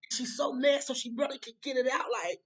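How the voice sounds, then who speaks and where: A woman, telling a casual storytime to her viewers in an animated, profane way, often checking in with "right?". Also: high-pitched, fast talker, slightly rough, low-quality recording. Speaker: storyteller vlogger.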